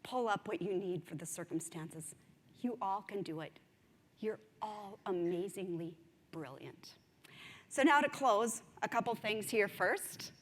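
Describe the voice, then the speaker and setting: Animated woman speaking in a reverberant hall. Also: mid-range voice, unhurried. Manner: animated, self-mocking storytelling. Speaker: conference speaker. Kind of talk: motivational storytelling speech. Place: large conference hall.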